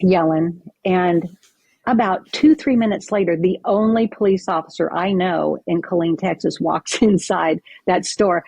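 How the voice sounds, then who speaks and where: A woman's voice: mid-range voice, normal speed, creaky, breathy edge, dry recording. A woman guest on a podcast, recounting a personal story vividly and acting out what people said. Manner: vivid, animated retelling with acted-out quotes.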